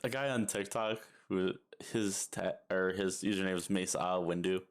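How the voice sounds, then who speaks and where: A man's voice: low-pitched, steady tone, normal speed. A young man co-hosting a casual podcast chat, laid-back, laughing often and saying "like" a lot. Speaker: podcast co-host.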